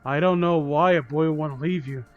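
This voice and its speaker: A man's voice: a little high, brisk, muffled recording, faint music behind, natural voice. A man voicing a creepy male teacher in a vague put-on accent, smarmy. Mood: menacing. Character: creepy male teacher, middle-aged, predatory.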